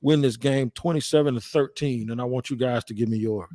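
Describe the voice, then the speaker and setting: A man's voice: medium pitch, brisk, dark tone. A middle-aged man hosting a sports podcast, ribbing his co-hosts in loose, slangy banter. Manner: playful teasing, slangy. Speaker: podcast host. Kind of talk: casual sports chat.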